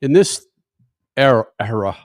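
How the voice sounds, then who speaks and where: A man's voice: medium pitch, lively intonation, a little slow, no room sound. A man hosting a casual motorsports radio talk show from a studio, brash and flippant and swearing freely.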